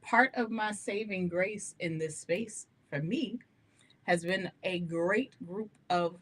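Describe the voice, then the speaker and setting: A woman hosting a gospel radio show, live-streamed to her listeners. Her talk is animated, candid and chatty. She laughs often between thoughts. Her voice sits at an ordinary middle pitch for a woman. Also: takes it slowly, slightly rough.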